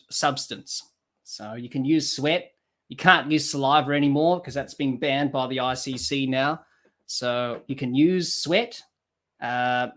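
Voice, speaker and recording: A man doing live cricket commentary for a podcast, rising excitedly on the play and dropping quiet to read viewer comments. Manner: lifts pitch and volume for the action, drops low to read comments and chat.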